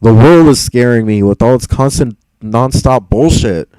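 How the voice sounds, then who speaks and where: Young man, live stream chat, frustrated, rambling, stammers, dark mellow tone, smooth and clear. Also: mid-range voice, normal speed, no echo, rough recording. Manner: frustrated, rambling, swears, stammers and repeats words.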